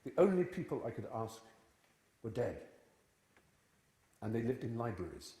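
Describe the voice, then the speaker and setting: Very animated, with a mid-range voice, a dark tone and normal speed, a guest speaker in his fifties entertains a live audience. He tells witty, wandering stories in a large church hall, and the recording echoes.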